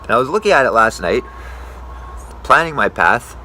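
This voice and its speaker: Foul-mouthed ranting young man, bright voice. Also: mid-range voice, big pitch swings, moderate pace, slight background noise. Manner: profane, swears constantly; rambling, self-correcting. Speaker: tree climber. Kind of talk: casual rant to camera.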